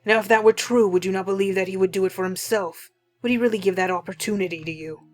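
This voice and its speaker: An exasperated, formal male spirit, read by a woman, scolds in loud, clipped phrases. Soft game music plays faintly beneath him. His pitch stays middling. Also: steady tone, fast, natural voice. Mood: scolding.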